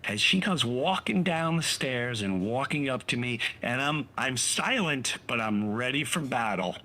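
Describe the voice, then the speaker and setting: A man telling an emotional personal story in a halting way, full of restarts, acting out the lines of the people in it. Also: mid-range voice, expressive, sharp tone.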